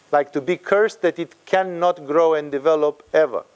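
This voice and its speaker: A man's voice: on the high side, normal speed, few pauses, smooth, muffled recording. A man giving a spiritual talk, emphatic and fond of acting out the people he quotes. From Romania. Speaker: spiritual teacher.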